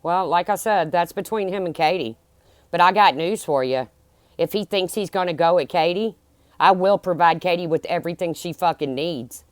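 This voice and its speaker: A woman's voice: fairly low pitch, normal speed, no echo. A middle-aged woman ranting bluntly and heatedly on her livestream, swearing as she talks to her viewers. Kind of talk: angry livestream rant.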